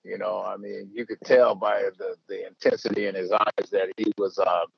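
An older man with a lowish voice tells stories in a loose, rambling way, leaning on fillers and restarting his sentences. The recording is dull and lo-fi, with a dry, close sound. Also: little pitch movement, normal speed, vocal fry, husky, no echo. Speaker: baseball manager, interview guest. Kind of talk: casual storytelling.

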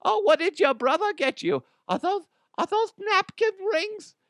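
Shrill frantic mom, as a man puts her on. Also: sing-song, unhurried, fairly bright tone, no echo, clean studio sound, full character voice. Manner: high, frantic, squealing. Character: shrieking excited middle-aged mother, fussing.

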